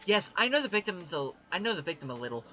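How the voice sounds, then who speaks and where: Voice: mid-range voice, sing-song, quick pace, pushed and bright, faint music behind. A gamer reading game dialogue aloud, voicing a blunt, morbid young female psychology student in a cool, matter-of-fact way.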